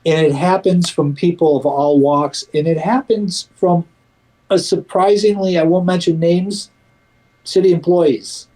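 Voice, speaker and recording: A man with a mellow, warm tone talks casually in an interview about his community work. He rambles and restarts, stacking up fillers, but keeps pressing his points with emphasis. When he quotes others, his voice turns livelier. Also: high-pitched, fairly even intonation, a little slow, rough recording.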